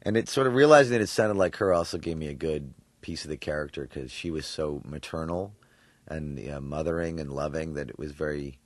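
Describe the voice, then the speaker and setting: A New York voice actor with an extremely low voice answers interview questions about his acting, animated and laughing often. He thinks aloud, circling with fillers and restarts, and the sound is close, dry and studio-like with no room sound.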